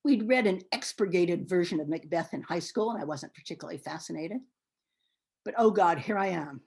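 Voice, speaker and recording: Animated older woman with a husky voice. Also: fairly low pitch, a little fast. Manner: animated and expressive, often hesitant with fillers. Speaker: oral history interviewee. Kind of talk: oral history reminiscence.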